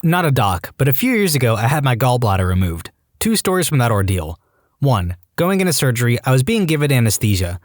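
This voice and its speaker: A man narrates reader-submitted stories with a deadpan comic touch. His pitch moves around a lot as he reads. The recording is close and dry, with no room sound. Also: brisk, dry recording. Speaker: story narrator. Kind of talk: reading online stories aloud.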